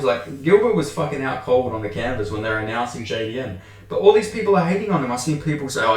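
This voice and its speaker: A man ranting casually about fighters and fans, exasperated, swearing heavily and restarting his sentences as he goes. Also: medium pitch. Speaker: MMA commentary channel host. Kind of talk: casual opinion rant. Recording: echoey room.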